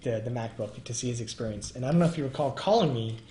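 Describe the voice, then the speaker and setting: Fast-talking emphatic young man, roomy. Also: mid-range voice, mellow. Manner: argumentative, rapid and emphatic. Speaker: co-host. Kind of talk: casual chat on a livestream. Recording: roomy echo.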